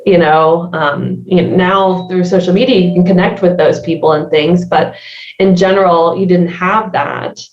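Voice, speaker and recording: A woman's voice: lowish voice, steady tone, moderate pace. A woman from the American South with a Southern accent, a podcast guest reflecting thoughtfully, with many fillers and restarts. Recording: distant, roomy, dull remote sound.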